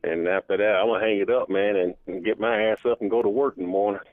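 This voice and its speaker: A man's voice: lowish voice, steady tone, fast talker. A man calling in to a sports show, telling a rambling story and cussing freely. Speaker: caller. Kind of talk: casual phone call-in chat. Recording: dry tinny phone line.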